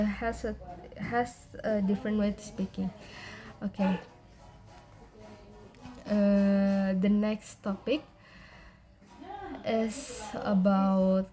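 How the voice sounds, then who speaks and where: A young woman with an Indonesian accent presents to her class at a slow, unhurried pace. She talks in a halting way, full of fillers and restarts, with a middle pitch. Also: mellow. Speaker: student presenter.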